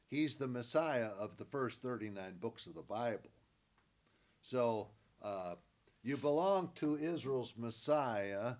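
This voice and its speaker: A man teaching from the Bible, stressing key words by repeating them and answering his own questions. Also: medium pitch.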